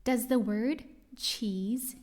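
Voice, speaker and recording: Female children's reading teacher, higher voice, slow and carefully sounded-out delivery. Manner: slow, cheerful, exaggerated praise for kids. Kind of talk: children's phonics lesson.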